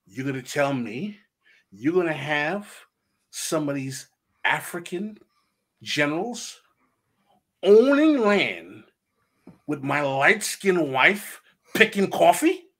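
A man's voice: a little high, big pitch swings, slow pace, pauses often, a bit bright, heavily acted. A man voicing an indignant, scheming colonial-era politician while retelling history.

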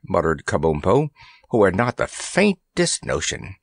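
Man narrating a storybook, lively. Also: deep voice, unhurried, creaky, breathy edge, dry recording, clean studio sound. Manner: expressive, animated storytelling. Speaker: audiobook narrator.

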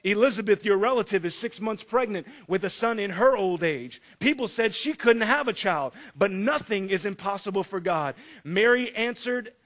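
A man preaching a sermon, animated and joking, acting out the story in voices. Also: high voice, normal speed, hardly any pauses. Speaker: pastor.

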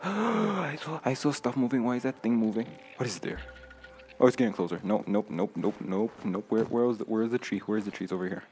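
Over music, a young man streams a let's play with his own commentary, his voice medium-pitched, expressive and fairly quick. Jumpy and nervous, he mutters to himself, gasping and laughing a lot.

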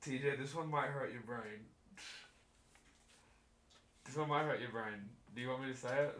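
A man's voice: medium pitch, moderate pace, a bit bright. A young man hosting a casual chat, reading would-you-rather questions aloud, laughing often and swearing casually. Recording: echoey room, faint noise.

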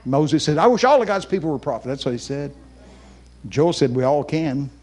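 A man preaching at a camp meeting with a fairly high voice. He tells his story with great animation, sometimes breaking into shouts and laughter. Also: animated, normal speed. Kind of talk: storytelling sermon.

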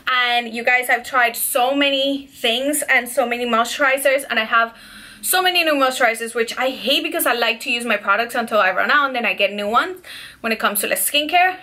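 A woman's voice: fairly high pitch, bright, forceful tone. A young woman, slightly out of breath, chatting casually and enthusiastically to viewers at home about products she bought. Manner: chatty and gushing, addresses viewers as "you guys". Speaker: beauty and lifestyle vlogger. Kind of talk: casual product haul chat.

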